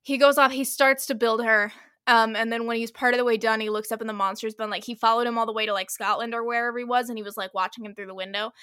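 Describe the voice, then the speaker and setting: A woman with a bright, fairly high voice retells a story in casual podcast chat. She talks animatedly, full of "like" and quick asides, on a close, dry mic. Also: steady tone, clear, resonant tone, dry recording. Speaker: podcast co-host.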